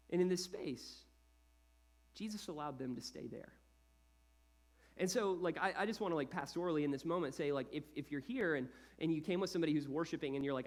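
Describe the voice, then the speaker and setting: Man, 30s, pastor, sermon, conversational and animated, fairly high voice. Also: fast. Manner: animated, conversational preaching with frequent "like" and acted-out asides.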